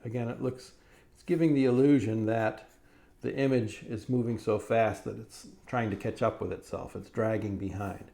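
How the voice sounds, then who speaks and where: A man's voice: lowish voice, fairly even intonation, moderate pace, vocal fry, warm tone. A middle-aged man, a cartoonist, leads a step-by-step drawing lesson for children in a friendly, encouraging way, often checking in with "right?".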